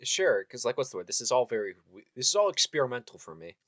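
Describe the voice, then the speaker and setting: A man running a tabletop game as game master, loose and halting, with many fillers. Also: mid-range voice, very animated, a bit bright, dry recording.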